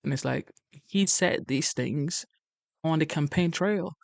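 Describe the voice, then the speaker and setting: A man's voice: a little high, unhurried, vocal fry, no echo. A man giving casual, conversational commentary before a clip, with hesitant fillers. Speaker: vlogger introducing a clip.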